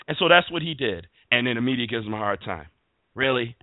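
A man's voice: on the high side, brisk, no room sound. A man hosting a sports talk show, ranting emphatically about football. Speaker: show host. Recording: dry phone-like line.

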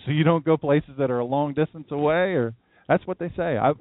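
A man's voice: fairly high pitch, fairly quick, no room sound. A man from downstate Delaware preaching a livestream sermon as pastor, folksy and conversational, with rambling asides. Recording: dry, tinny phone-like sound.

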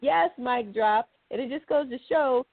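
A woman's voice: high voice, measured pace, dry recording. A woman co-hosting a podcast in a chatty, rambling way, laughing often. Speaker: podcast co-host. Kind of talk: casual chat. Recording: dry, phone-like sound.

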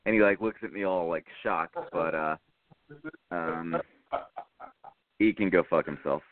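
A man's voice: low-pitched, unhurried. A man in casual podcast chat, telling a story in a rambling way with many fillers. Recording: tinny phone-like dry sound.

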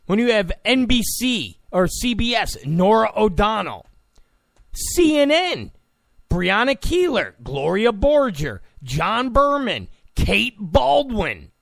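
A man's voice: high voice, very animated, takes it slowly, creaky, fairly bright tone, no room sound, studio quality. A man delivering a political opinion monologue in an emphatic, repetitive, ranting way. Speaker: political commentator.

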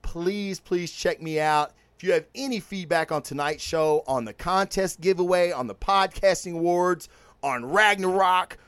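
Dude hosting a comic podcast, cussing a lot, kinda high voice, dry close sound. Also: male voice, moderate pace, a bit bright, clean tone, no echo. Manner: profane, rambling and hyped. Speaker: podcast host. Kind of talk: casual comic review podcast.

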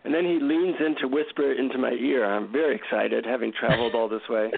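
A man, a guest author, telling an animated, self-mocking story in an interview over a tinny phone line. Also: mid-range voice, a little fast, gravelly.

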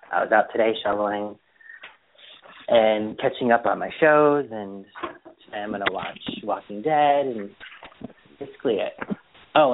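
A man chatting casually as a podcast co-host, telling animated stories about his weekend. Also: fairly low pitch. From Boston area. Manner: chatty storyteller, animated retellings. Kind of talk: casual chat. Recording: tinny phone-line audio.

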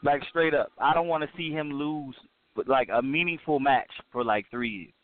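A man's voice: fairly high pitch, moderate pace, dry recording. A man in his thirties, a podcast co-host, chatting casually and animatedly about wrestling in slangy talk. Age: 30s. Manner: slangy, animated, says man and bro a lot. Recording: phone-line audio, dry.

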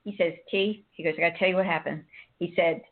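A woman's voice: lowish voice, steady tone, quick pace. Tinny-sounding woman, emotional and rambling. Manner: emotional, rambling, frequent restarts. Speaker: guest sharing a personal story. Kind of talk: casual faith chat. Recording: tinny phone line.

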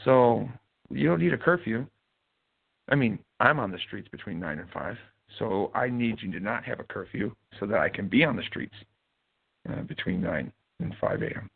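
Gravelly, husky-voiced man on a tinny line. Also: on the low side, animated, moderate pace. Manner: rambling, profane, joking storytelling. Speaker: host. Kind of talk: casual live-show chat. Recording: tinny phone-like sound.

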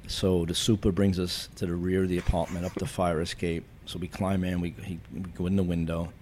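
A retired police chief spins deadpan anecdotes full of cop jargon in an interview. His voice sits very low, with a soft, mellow tone. A faint hum of background noise runs beneath him. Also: a little fast. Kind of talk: storytelling in a podcast interview.

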